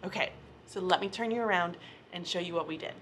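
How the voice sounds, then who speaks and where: A woman's voice: on the low side, fairly bright tone, a little hiss or hum. Chatty, nervous-sounding teacher woman. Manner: quick, chatty and upbeat, a little nervous. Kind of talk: casual vlog chat. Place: her classroom.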